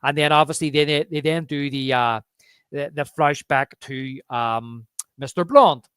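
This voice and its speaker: A man's voice: on the high side, a little slow, clean tone, dry recording. A man co-hosting a casual film podcast, telling behind-the-scenes stories with lots of restarts and repeated words. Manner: animated anecdote-telling with frequent restarts. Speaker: podcast co-host.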